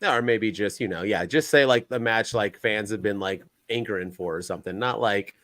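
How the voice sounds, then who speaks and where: A man co-hosting a podcast, recapping wrestling in a rambling, exasperated, animated way. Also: lowish voice, brisk, no room sound. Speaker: podcast co-host. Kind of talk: casual wrestling chat.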